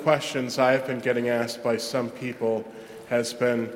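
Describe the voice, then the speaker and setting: A man, a Catholic parish priest, preaching a sermon in a chatty, self-deprecating way with lively asides. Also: medium pitch, measured pace, a little hiss or hum. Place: large church. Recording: echoey church with long reverb.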